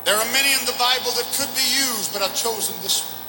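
A man preaching a revival sermon, impassioned, swinging from shouted declarations to hushed, intimate passages. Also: very high voice, fairly quick, roomy sound, over music, poor audio. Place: large church or auditorium.

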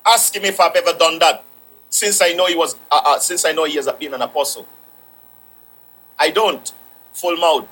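Emphatic high-voiced preacher. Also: male voice, moderate pace, pauses often, bright, forceful tone, husky, low-quality recording. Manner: repetitive, emphatic preaching with scripture quotes. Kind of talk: sermon.

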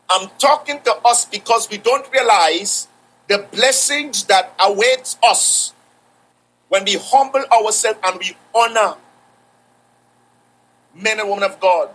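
A man's voice: high-pitched, takes it slowly, pauses often, fairly bright tone, slightly rough, low-quality recording. A man preaching a sermon, repeating phrases for emphasis and quoting scripture.

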